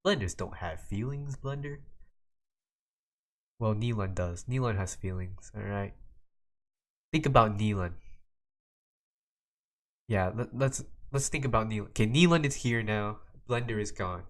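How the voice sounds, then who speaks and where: A man's voice: lowish voice, unhurried, pauses often. A teenage young man hosting a solo podcast, rambling casually from topic to topic with lots of restarts and "like"s. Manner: rambling, jumps between topics, many restarts and "like"s. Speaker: podcast host.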